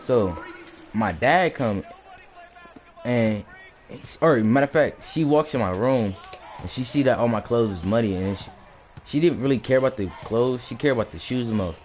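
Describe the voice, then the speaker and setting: A man telling a personal story in a casual, animated way, often restarting his sentences and acting out the blows with sound words. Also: medium pitch, moderate pace.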